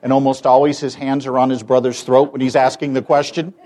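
A man's voice: mid-range voice, level tone, fairly quick, mellow. A man in his fifties from the United States, giving a persuasive public talk with rhetorical questions and wry humor. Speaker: public speaker and campus debater.

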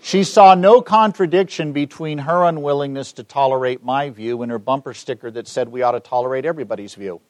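A middle-aged man from Los Angeles, giving a public talk and taking audience questions with lively, joking storytelling. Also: mid-range voice, fairly quick, few pauses, no room sound. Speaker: speaker answering audience questions.

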